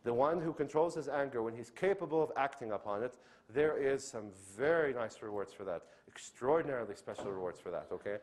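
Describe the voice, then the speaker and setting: A man's voice: medium pitch, brisk. A man giving a religious lecture to an audience, often checking in with "okay?" and acting out the lines of the people he describes. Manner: animated, acts out quoted speech. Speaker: Islamic lecturer. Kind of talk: lecture on inviting others to Islam.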